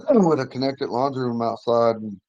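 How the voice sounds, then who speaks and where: Slightly hoarse man telling a rambling story. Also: medium pitch, normal speed, darkish tone, no room sound, dull audio. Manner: rambling, with restarts and frequent throat clearing. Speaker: language class member telling a story. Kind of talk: casual personal storytelling.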